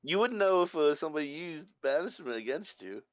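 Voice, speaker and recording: Sarcastic male player, smooth resonant voice. Dull lo-fi, dry recording. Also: fairly high pitch, animated, a little fast, no room sound. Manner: sarcastic, wry. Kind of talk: casual tabletop game chat.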